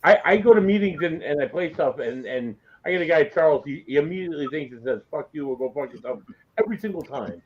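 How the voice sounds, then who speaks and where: A man's voice: fairly high pitch, animated, quick pace, hardly any pauses, slightly rough. Rambling man on a dull lo-fi line. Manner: rambling, digressive. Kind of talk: casual group chat. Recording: dull lo-fi sound.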